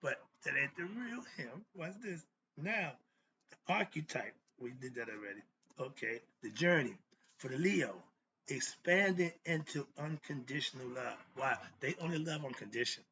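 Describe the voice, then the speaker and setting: A man's voice: mid-range voice, lively intonation, normal speed, pushed and bright. A man talking casually on his own, loose and chatty, correcting himself as he goes. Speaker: host. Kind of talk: casual solo talk. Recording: dull lo-fi sound with faint noise.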